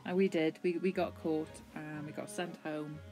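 A woman's voice: low-pitched, level tone, normal speed, dark tone, faint music behind. A young woman co-hosting a casual chat, giggling often as she shares stories. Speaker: co-host.

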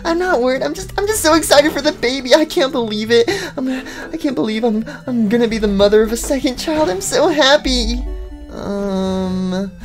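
A woman's voice: high voice, moderate pace, faint music behind, natural voice. A woman voicing a giddy Puppet animatronic. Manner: bubbly, excitable, shrieks and laughs often. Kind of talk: machinima voice acting.

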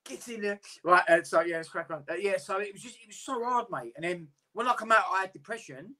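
A man's voice: high-pitched, expressive, quick pace, pushed and bright. A man, a boxer talking candidly and at length in a casual interview, swearing freely.

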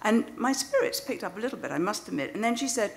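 A woman's voice: medium pitch, sing-song, fast talker, creaky, a little hiss or hum. Wry woman telling a story. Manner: self-deprecating, wry, laughing at her own jokes. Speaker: speaker at a storytelling event. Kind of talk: anecdotal storytelling to a live audience. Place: stage before an audience.

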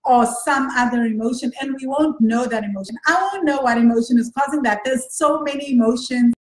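Female podcast host, money coach; talkative, conversational, fairly high voice, recorded in a roomy space. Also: a little fast. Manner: chatty, frequent "right?" and self-corrections. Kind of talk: casual solo podcast talk. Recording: roomy echo.

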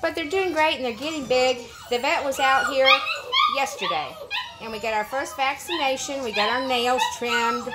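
A woman's voice: sits high, moderate pace, heavy background noise. A woman dog breeder chatting casually in a vlog, slipping into cooing baby talk with her puppies. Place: indoors in a puppy pen area. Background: puppies whining and crying.

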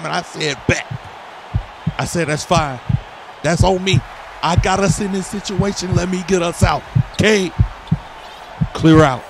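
Hyped man calling his own game. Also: high voice. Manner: hyped, trash-talking play-by-play with laughs. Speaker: gaming video creator. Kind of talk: gameplay commentary.

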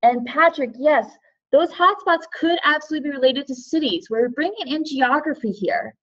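A woman with a high voice leads a live online lesson for teachers, picking up names and guesses from the chat and answering each in turn. Her audio comes through dull and lo-fi, like a typical webinar feed. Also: moderate pace, fairly bright tone. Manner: friendly, reads out chat guesses and thanks participants. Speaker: webinar presenter for educators.

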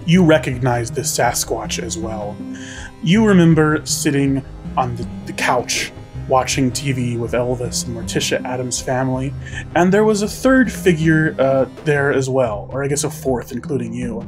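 A man's voice: medium pitch, expressive, normal speed, music in the background. A man running a tabletop game as game master, narrating scenes in a descriptive way with frequent filler words.

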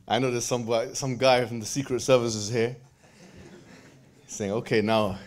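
Fields: animated male lecturer, banters with audience. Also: mid-range voice. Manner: quotes Quranic Arabic in quick recitation. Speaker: speaker at a religious event. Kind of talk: lively religious lecture to a live audience.

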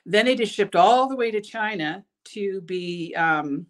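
A woman's voice: medium pitch, animated, unhurried. Tired, chatty woman selling beads. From Canada. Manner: chatty, stumbles over words. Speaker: bead shop owner hosting a live product show. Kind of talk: casual live product showcase.

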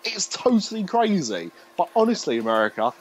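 A man's voice: high voice, sing-song, brisk, slight background noise, poor audio. A British man hosting a podcast in casual, rambling chat, joking, swearing and laughing as he talks. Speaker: podcast host.

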